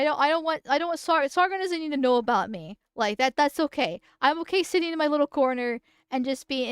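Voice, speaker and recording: A woman's voice: high voice, smooth, no echo, studio quality. A woman streamer chatting casually on a live stream while reacting to a video, rambling, giggling and swearing freely. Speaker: VTuber streamer.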